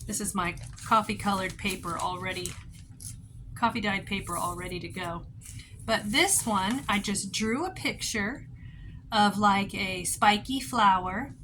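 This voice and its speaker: A woman in her fifties giving a casual show-and-tell craft tutorial at a table at home, chatty and rambling, with sudden bursts of excitement. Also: mid-range voice, unhurried, background noise. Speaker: craft vlogger.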